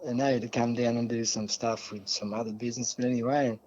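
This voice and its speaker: A man's voice: medium pitch, level tone, quick pace, a little mellow, highs cut off. A man with an Australian accent, a guest telling a long, rambling story in a casual interview, full of asides.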